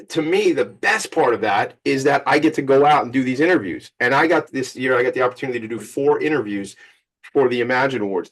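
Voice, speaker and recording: A man in his forties with a Long Island accent, hosting a casual chat over a video call, rambling and joking with enthusiastic shout-outs. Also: medium pitch, rough recording. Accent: Long Island New York. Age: 40s. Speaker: podcast host.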